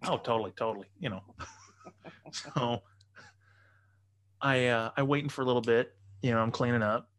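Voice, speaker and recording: A man's voice: medium pitch, normal speed, pauses often, fairly bright tone, a little hiss or hum. A man telling a raunchy personal story in a casual podcast chat, profane and loose, laughing as he goes.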